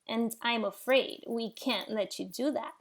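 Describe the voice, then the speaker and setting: A woman's voice: fairly high pitch, measured pace. A sarcastic, bossy young she-bear, as a woman reads it.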